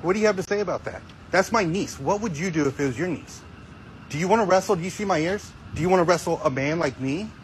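A man confronting someone face to face with a rapid string of pointed questions. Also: high-pitched, lively intonation, slight background noise, poor audio.

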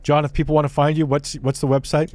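Man, podcast host, quick break announcement, brief interjections. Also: on the high side, flat delivery, a little mellow, no echo. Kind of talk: hosting an interview.

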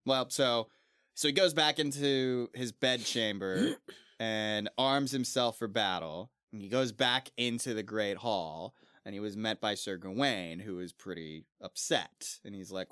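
A man's voice: on the low side, a little slow, a bit bright, clear, resonant tone, no room sound, studio quality. A man casually retelling a story on a book club podcast, breaking into slang and archaic quotes.

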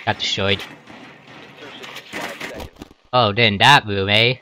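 A man playing an online shooter with friends, shouting callouts and laughing a lot. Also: on the low side, fairly even intonation, normal speed, a little hiss or hum. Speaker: teammate. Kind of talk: casual gaming banter with friends.

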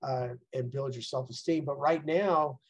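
A man's voice: mid-range voice, fairly even intonation, measured pace, husky, poor audio. A middle-aged man, a mindset coach, giving a casual, rambling talk from home, full of "like" and "right?". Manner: conversational, rambling, frequent "right?" and "like".

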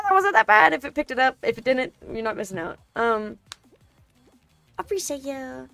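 A young woman streaming a game, reacting loudly, complaining about the levels and thanking viewers in chat. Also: high voice, animated, moderate pace, vocal fry. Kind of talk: casual live-stream gameplay chat. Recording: faint game music behind.

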